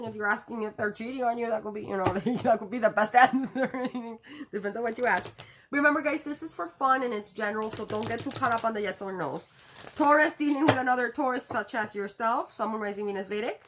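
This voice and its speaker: A woman's voice: a little high, background noise. A woman reading tarot cards to her viewers in a casual, chatty way, laughing often and cursing now and then. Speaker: tarot reader.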